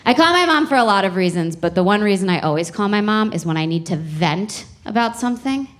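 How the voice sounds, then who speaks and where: A woman's voice: medium pitch, animated, fairly quick. A young woman doing a stand-up comedy set, telling stories in a chatty, exasperated way with playful emphasis, on a club stage mic.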